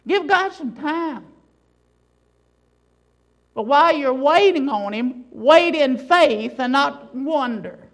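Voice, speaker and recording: A woman preaching a sermon in a high voice with a gravelly, creaky texture. She drives her points home with one rhetorical question after another, in an emphatic delivery. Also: animated, slow pace, long pauses, low-quality recording.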